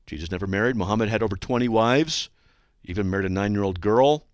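A man's voice: lowish voice, fast talker, dry recording. A man hosting a radio show, reading listener mail aloud and mocking it sarcastically. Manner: sarcastic, animated, does mocking voices. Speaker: radio host.

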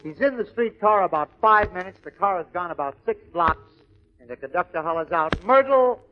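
A comedian telling jokes in punchy, clipped beats, on a lo-fi old radio recording. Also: male voice, high-pitched, brisk, a little hiss or hum. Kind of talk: joke-telling comedy monologue.

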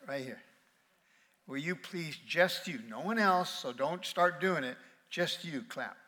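A man's voice: fairly high pitch, lively intonation, a little slow, pushed and bright, in a large hall. A man preaching a sermon as pastor, playful and calling on his congregation to answer back. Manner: playful, calls on the congregation to respond. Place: large auditorium with balcony.

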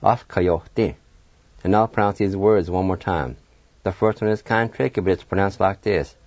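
A man's voice: sits low, moderate pace, a little mellow, no room sound. A man teaching a radio language lesson, patiently spelling words letter by letter and encouraging learners. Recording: dull, dry lo-fi radio sound.

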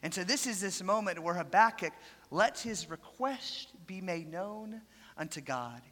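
Preacher, sermon delivery, bright and forceful tone, dramatic loud-to-soft storytelling, big reverberant church room. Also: medium pitch, measured pace. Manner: animated storytelling with dramatic swings in loudness.

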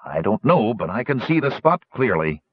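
A man's voice: lowish voice, sing-song, normal speed, slightly rough, no room sound, dull audio. A man voicing a puzzled gnome pilot. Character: bewildered male gnome pilot.

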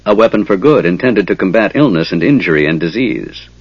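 Male narrator as a wise, commanding unicorn spirit of the wood; measured and stately, dull dry recording. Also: deep voice, animated, breathy edge, dry recording, full character voice. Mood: solemn. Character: wise ancient female unicorn, calm and commanding.

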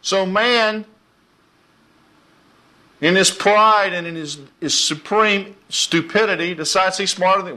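A man preaching an informal, folksy sermon, animated and quick to laugh. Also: high voice.

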